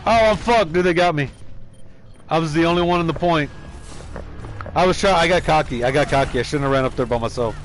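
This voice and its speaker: A man giving live commentary over his own gameplay, excitable and full of profane trash talk, yelping and laughing at his plays. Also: on the high side, fairly quick, long pauses, faint music behind. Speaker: streamer.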